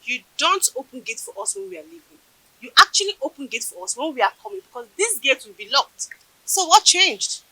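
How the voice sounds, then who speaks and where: A woman's voice: high-pitched, sing-song, a little fast, full character voice, low-quality recording. An actress with a Nigerian accent playing an impatient, demanding young woman in a Nollywood film. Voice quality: demanding, sharp.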